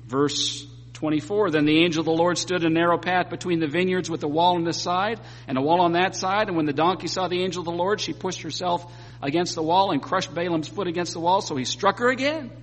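Male preacher, lively and joking between scripture readings; echoing hall, light hum. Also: high-pitched, a little fast. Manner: animated storytelling with joking asides. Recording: long hall reverb, faint hum.

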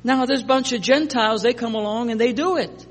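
A man's voice: very high voice, a little fast, big-room sound, voice pushed up. A man preaching, acting out the complaints of an angry, sulking male prophet. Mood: aggrieved.

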